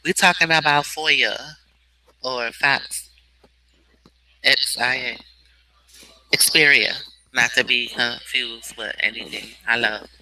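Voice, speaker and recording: A loud, brash male character, as a man puts him on, talking in drawling folksy grammar and rambling from point to point. The voice sits a touch higher than the speaker's own and rings sharp and bright throughout. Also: steady tone, takes it slowly, long pauses, heavily acted, rough recording. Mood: boastful.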